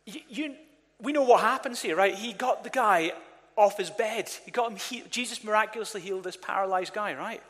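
Male pastor, lively sermon delivery, slightly high voice, church hall with long reverb. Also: fairly quick. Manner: energetic, calls on the congregation to respond.

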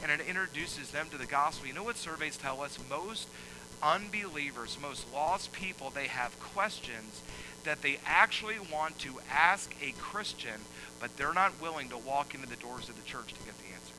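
A male pastor preaching a sermon, moving from quiet explaining to loud, emphatic preaching. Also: mid-range voice, background noise.

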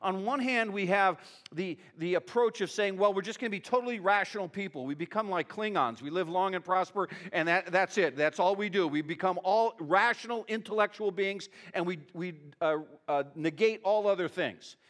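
A man's voice: high-pitched, moderate pace, fairly bright tone. A middle-aged male pastor preaching a sermon in a conversational, emotional way, often adding "you know" and "okay".

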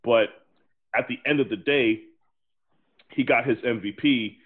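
A man's voice: mid-range voice, unhurried. A man co-hosting a sports podcast, eagerly jumping in to make his points in casual chat. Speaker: podcast co-host. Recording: tinny phone-like line.

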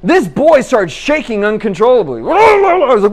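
A man's voice: very high-pitched, normal speed. A young man preaching a conversational sermon, telling a personal story with lots of laughter and restarts. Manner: animated, laughs at his own story, many restarts.

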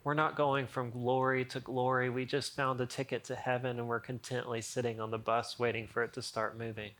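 A male pastor preaching in a church, talking to his congregation like friends. His voice sits at an ordinary middle pitch, and he cracks jokes and reads scripture aloud with growing energy. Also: flat delivery, brisk, a bit bright. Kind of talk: sermon.

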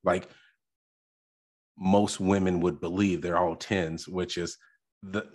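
Deep husky man, blunt podcast rant. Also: little pitch movement, slow pace, a little mellow. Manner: blunt, opinionated, rambling with restarts. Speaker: podcast host. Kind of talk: reacting to a clip, ranting commentary.

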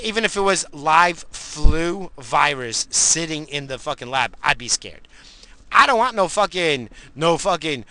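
A married man delivering a profane, angry rant, swinging between shouted outbursts and low muttered asides. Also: gravelly, no room sound. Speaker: ranting commentator.

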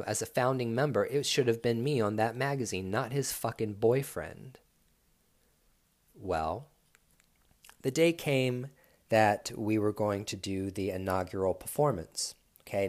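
A man, a dancer, telling a story from his own life in a blunt, profane way. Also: on the low side. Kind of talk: casual storytelling.

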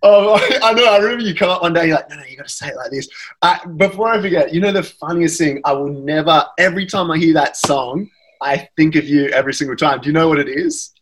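Husky Australian man chatting. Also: fairly high pitch, fairly even intonation, fast, fairly bright tone, rough recording. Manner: rambling, self-deprecating, laughs often. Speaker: podcast guest, actor. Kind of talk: casual chat.

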